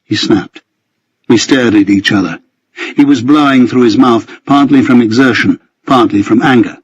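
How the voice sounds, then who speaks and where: Husky man reading a novel aloud. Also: medium pitch, no echo, lo-fi sound. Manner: measured storytelling, voices characters in dialogue. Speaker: audiobook narrator. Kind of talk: first-person novel narration.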